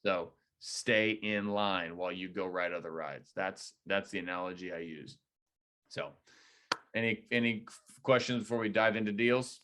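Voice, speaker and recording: A man leading a real estate agent training, coaching in a direct, energetic way. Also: sits low, moderate pace, slight background noise. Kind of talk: training debrief talk.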